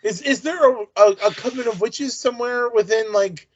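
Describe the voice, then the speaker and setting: A man's voice: very high-pitched, moderate pace. A man co-hosting a podcast in casual chat, leading topics with frequent restarts. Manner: chatty, leads topics, hesitant restarts. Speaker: podcast co-host. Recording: dull lo-fi sound.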